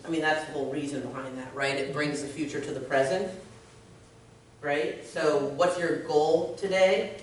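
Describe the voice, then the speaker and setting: A woman's voice: sits low, fairly even intonation, moderate pace. A woman working in social services, leading an earnest workplace discussion. She keeps checking in with her listeners with "right?". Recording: echoey room, distant mic, faint noise.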